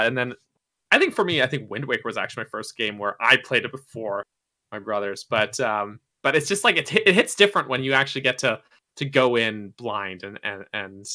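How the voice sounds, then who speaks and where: A man co-hosting a gaming podcast, chatting casually with halting restarts and frequent chuckles. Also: fairly low pitch, expressive, bright, forceful tone. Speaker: podcast co-host. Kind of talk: casual chat.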